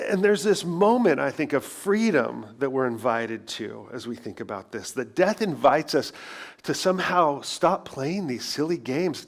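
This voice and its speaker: A middle-aged man preaching a sermon as pastor, in a conversational way, full of rhetorical questions and self-deprecating asides. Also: mid-range voice.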